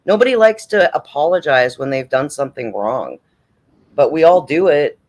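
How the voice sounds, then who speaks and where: A man with a slightly high voice hosts a late-night livestream and talks in a loose, casual way. He is blunt and preachy, swears freely and. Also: lively intonation, moderate pace. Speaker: livestream host.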